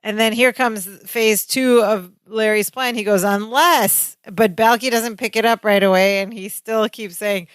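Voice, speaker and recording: A woman co-hosting a podcast, recapping a sitcom episode in casual chat, reading out quoted dialogue and chiming in quickly. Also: mid-range voice, steady tone, clean tone, no echo. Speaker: podcast co-host.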